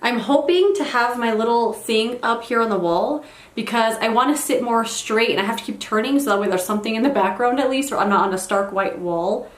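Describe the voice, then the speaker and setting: A young woman vlogs from her bedroom in a slightly high voice, rambling happily and tossing out self-deprecating asides. The camera mic picks up a lot of room echo. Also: a little fast. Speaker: beauty vlogger. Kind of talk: casual get-ready-with-me chat. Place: bedroom at home.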